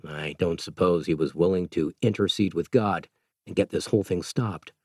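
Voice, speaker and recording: A man's voice: low voice, normal speed, a little mellow, husky, no room sound, clean studio sound, pitched below the performer's own voice. Man voicing a weary grim doctor. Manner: tired, grim.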